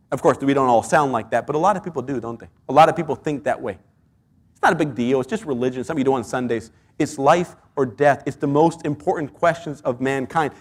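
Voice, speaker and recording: Earnest, high-voiced male preacher. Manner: earnest, full of rhetorical questions. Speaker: pastor. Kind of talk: sermon.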